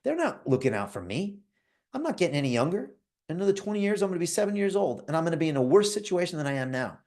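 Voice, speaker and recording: A man voicing a fed-up woman club member, raising his pitch and sounding defiant. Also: sing-song, fast talker, darkish tone.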